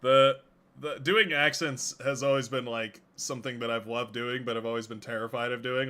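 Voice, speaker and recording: A man's voice: mid-range voice, fairly even intonation, moderate pace, bright, forceful tone. A young man hosting a game livestream, rambling casually with frequent laughs and restarts. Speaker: stream host and game caster.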